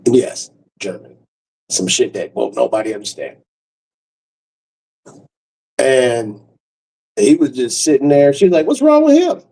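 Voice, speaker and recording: Brief: a man doing loose, profane comic storytelling with a mellow tone, recorded a bit off-mic. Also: mid-range voice, takes it slowly, creaky, long pauses, slightly rough, far from the mic, poor audio. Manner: loose, profane and laughing, with frequent restarts. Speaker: comedian.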